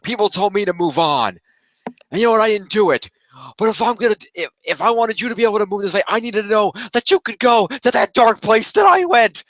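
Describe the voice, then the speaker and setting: A man voicing an impassioned older male wrestling authority figure, much higher and louder than his own talk. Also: expressive, a little fast, dry recording, highs cut off. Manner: impassioned, shouting speech.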